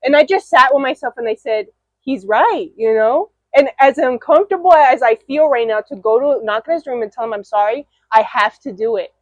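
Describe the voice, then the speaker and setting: Young woman, podcast host, higher-pitched, lively storyteller, dry close sound. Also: a little fast, dry recording, muffled recording. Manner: animated storyteller, laughs often, acts out quoted lines. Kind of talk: candid chat between friends.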